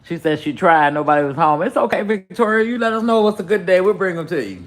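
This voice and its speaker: A man's voice: high voice, lively intonation, fast. A man giving blunt, heated livestream commentary, swearing constantly as he rants. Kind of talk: profane ranting commentary.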